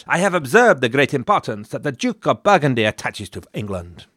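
A stately, self-important ambassador reads his letter aloud in a broad Italian accent, voiced by a man. His phrasing is formal, with lively swings of pitch. The recording is dry and close. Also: fairly quick, husky, dry recording. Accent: put-on Italian accent. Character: pompous male Italian ambassador writing dispatches.

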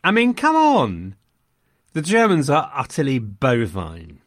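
A man's voice: medium pitch, huge pitch swings, takes it slowly, no room sound, studio quality. A man co-hosting a casual film discussion podcast, wry and mock-indignant, with theatrical emphasis.

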